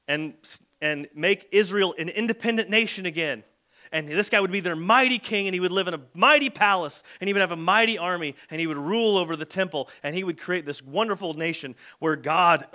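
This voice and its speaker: Man, pastor, sermon, conversational, bright tone, slightly high pitch. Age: adult with a son. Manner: conversational preaching, acts out quoted lines.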